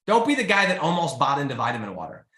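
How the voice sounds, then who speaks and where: Bright, fired-up male host in a roomy space. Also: a little high, fast talker. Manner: energetic, pleading, says "guys" and "freaking" often. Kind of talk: motivational live-stream talk.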